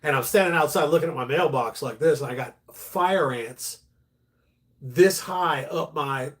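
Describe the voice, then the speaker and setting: Higher-voiced man telling stories. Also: a little slow. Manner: animated, swears casually, talks through stories. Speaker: live stream host. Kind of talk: casual storytelling chat.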